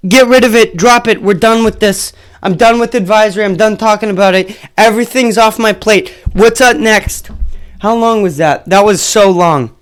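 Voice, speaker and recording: A podcast host in a casual solo episode, ranting and swearing heavily, swinging between muttered asides and loud outbursts. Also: mid-range voice, normal speed, clear, resonant tone. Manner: profane, heated ranting.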